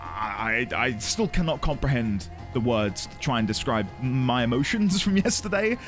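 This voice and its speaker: A male live streamer talks openly to his audience, his pitch swinging widely as he greets viewers. He comes across as earnest and emotional, often circling back on his words. Soft music plays faintly underneath. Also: sing-song, normal speed. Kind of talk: casual chat with a live audience.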